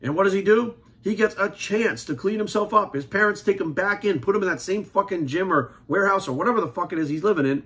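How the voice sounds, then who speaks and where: A heated, foul-mouthed man in his forties rants at a fast clip. His voice sits a little high for a man, and he keeps hammering the same points bluntly. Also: a bit bright. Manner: blunt, heated, swears constantly, repeats points. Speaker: fitness coach and commentator. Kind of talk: profane opinion rant to camera.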